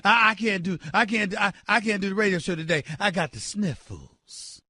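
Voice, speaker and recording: A man's voice: sits high, normal speed, bright, forceful tone, no echo, clean studio sound, full character voice. A man putting on a mopey sniffling ballplayer. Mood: sulky. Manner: mumbling, stammering, self-pitying. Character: mopey sniffling male ballplayer begging off sick.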